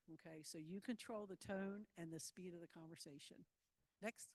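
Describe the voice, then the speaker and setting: A woman's voice: lowish voice, steady tone, moderate pace, big-room sound. A woman giving a live security training talk to volunteers, moving through slides in a loose, conversational way and often checking in with her listeners. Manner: loose, filler-heavy phrasing.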